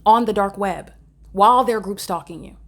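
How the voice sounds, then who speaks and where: A woman speaks unscripted into her phone camera from inside a hotel room. Her voice sits in an ordinary middle pitch, and her delivery is earnest and insistent. She halts often with fillers and restarts her phrases as she explains. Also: moderate pace, a bit bright. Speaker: vlogger filming and commenting.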